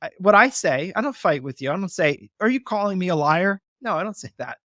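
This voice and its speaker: With a high, very animated, pushed and bright voice, a real estate investor speaks a little fast as an interview guest. He explains conversationally, earnestly persuading and dramatizing phone calls, in clean studio sound with no echo.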